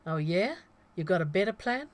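A woman's voice: on the low side, expressive, moderate pace, natural voice. Casting: woman voicing a drawling, easygoing male cowboy, storybook reading. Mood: laconic.

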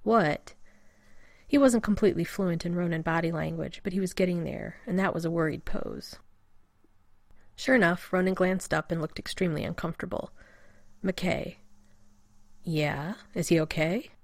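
A woman reads fiction aloud in a steady, wry narrating voice. Her pitch sits low. The recording is close and dry. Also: a little fast, vocal fry, no room sound. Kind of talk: audiobook reading of fan fiction.

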